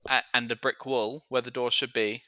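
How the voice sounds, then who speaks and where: Man player in a tabletop horror game, bright, forceful voice, uneasy tone. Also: medium pitch, flat delivery, fairly quick. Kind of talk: tabletop role-play.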